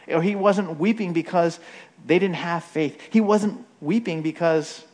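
Male preacher, casual teaching sermon, slightly high-pitched, peppers his points with "right?". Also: moderate pace, darkish tone. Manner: frequent "right?" tag questions, acts out quoted voices. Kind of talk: conversational sermon.

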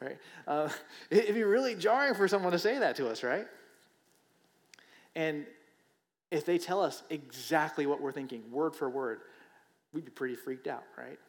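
A man's voice: fairly high pitch, lively intonation, moderate pace, pauses often. Conversational preacher man in a reverberant hall. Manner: conversational, checks in with frequent rhetorical "right?"; repeats phrases for emphasis. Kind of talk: sermon.

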